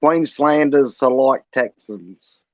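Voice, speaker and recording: A man's voice: medium pitch, slow, no echo. An Australian man hosting a casual livestream chat, slangy and conspiratorial in how he talks. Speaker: stream host. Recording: dull lo-fi audio.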